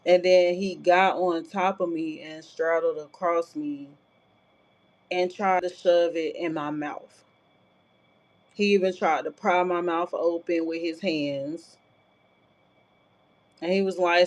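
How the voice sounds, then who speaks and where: A woman's voice: fairly low pitch, fairly even intonation, slow. A woman vlogger telling a personal story in a casual, blunt, profane way, with frequent filler asides. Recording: dull lo-fi sound.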